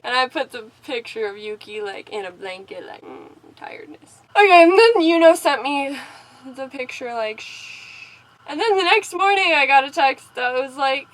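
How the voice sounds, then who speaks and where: A young woman vlogger telling a story casually, animated and giggly, with lots of fillers. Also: sits high, normal speed, rough recording.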